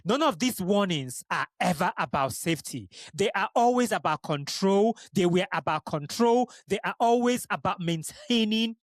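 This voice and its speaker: He's a podcast host, a young adult man from Nigeria's Igbo region, talking straight at the listener in a passionate, blunt monologue laced with swearing. His voice sits high and animated at normal speed with hardly any pauses, captured in clean studio sound without echo.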